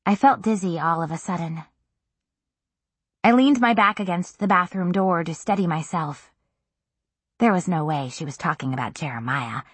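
A woman narrating a first-person novel in an intimate, even storytelling manner. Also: fairly low pitch, normal speed, breathy edge, no echo. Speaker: audiobook narrator.

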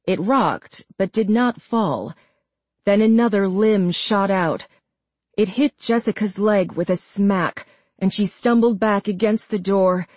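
A woman's voice: mid-range voice, no room sound. Woman narrating horror, dry sound. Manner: steady, dramatic storytelling. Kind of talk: horror story reading.

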